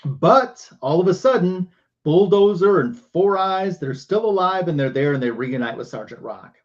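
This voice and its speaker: A man's voice: high-pitched, animated, normal speed, muffled recording. A man hosting a livestream who retells a comic book panel by panel. He talks casually and uses a lot of fillers. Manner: casual storytelling with many fillers. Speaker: show host.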